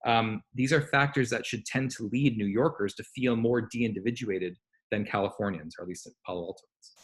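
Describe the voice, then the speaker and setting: A man lecturing on psychology online in a conversational way, explaining with examples and asides and often pausing on "um" or correcting himself. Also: fairly low pitch. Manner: frequent "um" fillers and self-corrections.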